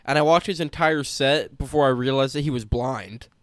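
A man's voice: medium pitch, normal speed, a bit bright, clear, resonant tone, no room sound. A young man co-hosting a podcast, chatting casually with lots of swearing, restarts and joking. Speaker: podcast co-host. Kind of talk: casual chat.

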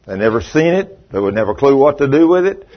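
A man's voice: medium pitch, big pitch swings, brisk. An older man preaching a sermon, telling a folksy story and acting out what people said. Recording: dull lo-fi sermon recording.

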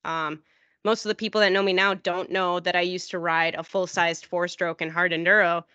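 A woman's voice: level tone, normal speed, sharp tone, clean tone, no room sound. Podcast lady rambling thru a story, does voices for people, dull dry audio. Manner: rambling, acts out quoted people in a higher voice. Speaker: podcast host. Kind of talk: casual storytelling chat.

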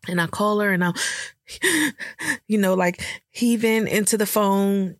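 A woman's voice: mid-range voice, measured pace, no room sound. Tearful young woman on a dry podcast mic. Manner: emotional, rambling, filler-heavy storytelling. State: tearful, choked up. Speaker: podcast host. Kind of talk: candid personal podcast talk.

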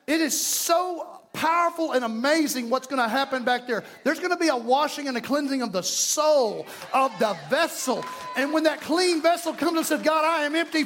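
A man preaching a fervent, folksy sermon in a church, breaking into shouts. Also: very high-pitched. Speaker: pastor. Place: church sanctuary. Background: music.

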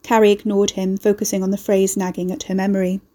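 A woman narrates fiction in measured, steady storytelling. Her voice is mellow and warm, at a middle pitch. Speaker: audiobook narrator. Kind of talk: scripted narration.

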